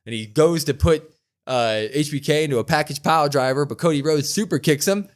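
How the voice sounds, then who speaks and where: A young man co-hosting a podcast, casually recapping a wrestling show and acting out the quotes in a louder voice. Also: fairly high pitch, fairly quick. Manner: animated retelling, acting out quotes with a raised voice. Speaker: podcast co-host.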